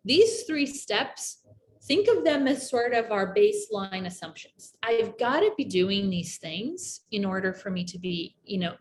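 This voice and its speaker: A woman's voice: mid-range voice, a little hiss or hum. Woman presenting a skills workshop. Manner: filler-heavy, tags points with "right?"; acts out example phrases in a softer voice. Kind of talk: online workshop lecture.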